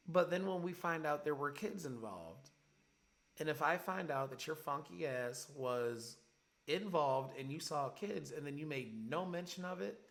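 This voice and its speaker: A man's voice: medium pitch, vocal fry, fairly bright tone. A man in his forties hosting a podcast, ranting in heated, profane commentary. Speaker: podcast host. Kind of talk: angry commentary monologue. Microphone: podcast mic.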